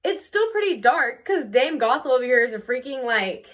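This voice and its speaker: A young woman casually retelling a fairy tale for her video, chatty and full of fillers, jumping into quick voices for the characters. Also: high-pitched, very animated, a bit bright. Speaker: video creator.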